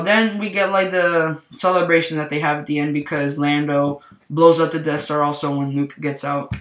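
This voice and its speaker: A man's voice: on the high side, fairly bright tone. Rambling young-sounding man in an echoey room. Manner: rambling, heavy use of "like". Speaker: movie reviewer. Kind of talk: casual spoiler review.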